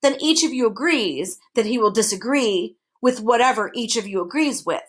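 A woman's voice: a little high, lively intonation, moderate pace, natural voice. Woman reading an earnest curious boy. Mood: reasoning. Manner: earnest, questioning. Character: curious, clever young boy.

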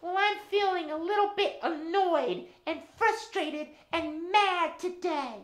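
A man voicing a sweet, chatty young girl rabbit in a children's puppet show, telling her story slowly and earnestly. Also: fairly bright tone, full character voice. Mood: annoyed. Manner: high squeaky puppet voice, slow storytelling. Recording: roomy room echo.

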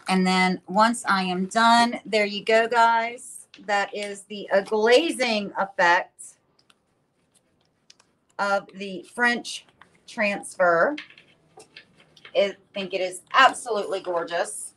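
Woman, live craft stream host, slow easy pace, chatty, talks through her work. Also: mid-range voice, a bit bright. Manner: chatty, thinks aloud while working. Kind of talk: casual demo narration.

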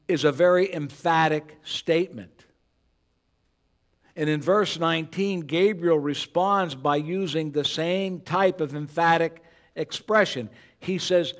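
An older man in his sixties preaches a Sunday sermon in a church sanctuary. His voice sits somewhat high for a man, and he speaks earnestly, sinking to soft, low asides before climbing to loud, emphatic peaks. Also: unhurried. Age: 60s. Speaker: pastor.

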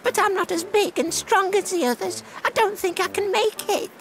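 A woman's voice: very high-pitched, moderate pace. A woman voicing a small, timid young male salmon in a children's cartoon, with a plaintive little voice. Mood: worried. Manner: plaintive, then excited.

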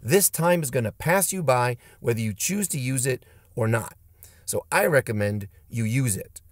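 A martial arts instructor who hosts his own channel gives an emphatic, punchy motivational talk to camera, full of blunt pep-talk lines. His voice is mid-range, and the sound is clean studio audio with no room sound.

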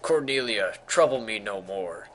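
A man's voice: fairly low pitch, lively intonation, measured pace, a little hiss or hum, rough recording. A man voicing a stern old king in a stage play, speaking in archaic, theatrical lines. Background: loud game music.

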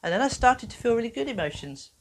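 A woman presenting an educational video for children, talking in a playful, animated way. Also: a little high, quick pace, heavy background noise. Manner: animated, playful, acts out little voices.

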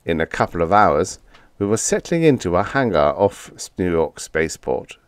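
A man narrating a comic story in the first person, expressive and even-paced. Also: low voice, moderate pace, clear, resonant tone, dry recording. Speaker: audiobook narrator.

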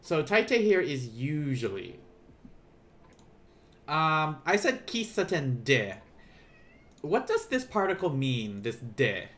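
A man's voice: a little high, sing-song, slow pace, pauses often, a bit bright. A man teaching a beginner language class on a live stream, asking the chat questions and encouraging them to try.

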